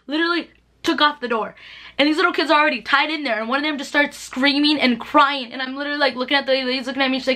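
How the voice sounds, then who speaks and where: Young woman, vlogger, quick chatty storytelling, higher voice, giggly. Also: fairly bright tone. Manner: chatty, laughs often, heavy filler "like". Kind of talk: casual storytime vlog.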